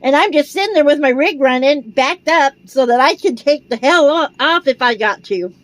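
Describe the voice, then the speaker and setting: An older American woman, a vlogger, telling a rambling, animated story in a casual way. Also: high-pitched, moderate pace, dry recording, rough recording. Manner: rambling, animated, retells dialogue.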